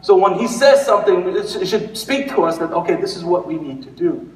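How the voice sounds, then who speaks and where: A man's voice: sits high, lively intonation, fairly quick, darkish tone, a little hiss or hum. A male pastor giving a conversational sermon, rambling with restarts and fillers. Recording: echoey hall, recorded from far off.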